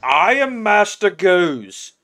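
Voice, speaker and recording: A man's voice: high voice, sing-song, sharp tone, pitched above the performer's own voice, full character voice. A man doing a pompous blustering orc. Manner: slow, blustering, self-important. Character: pompous male orc henchman with wolves.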